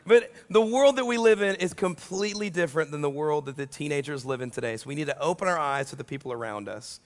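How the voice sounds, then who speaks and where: Man preaching, higher voice, joking and animated, long hall reverb. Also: fast. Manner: animated, joking, acts out quotes. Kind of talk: sermon. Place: large church hall during a service.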